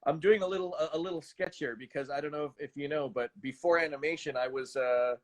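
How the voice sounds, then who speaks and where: A man in his thirties, a voice actor chatting as a guest, animated and self-deprecating, often stammering and restarting. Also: a little high, fast. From Canada. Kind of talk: casual interview chat.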